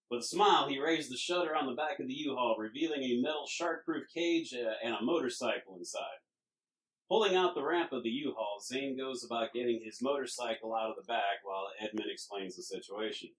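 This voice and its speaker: A man's voice: medium pitch, fairly quick, a bit bright, slight background noise, poor audio. Man narrating as a game master. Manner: descriptive narration with frequent uh fillers and restarts, laughs easily. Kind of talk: narrating a tabletop game podcast.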